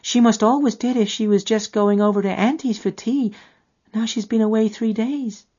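A man's voice: steady tone, normal speed, darkish tone, husky, dull audio. A man doing a grave little girl. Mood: earnest. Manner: high childish voice with folksy grammar. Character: little girl of about five, grave, earnest.

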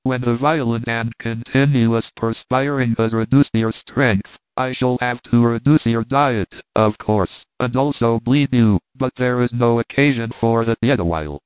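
A man doing a brisk old-time doctor. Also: medium pitch, clean tone, no echo, lightly acted. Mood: matter-of-fact. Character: brisk old-fashioned country doctor, matter-of-fact. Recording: tinny phone-like line, dry.

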